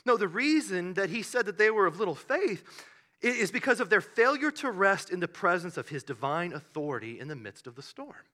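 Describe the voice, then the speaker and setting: A man preaching a sermon, telling the story with animated bursts and hushed asides. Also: high voice, a little fast. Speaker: pastor.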